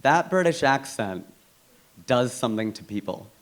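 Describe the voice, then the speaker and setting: A man from the United States performing a stand-up comedy set, talking in an animated, teasing, conversational way. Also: medium pitch, moderate pace.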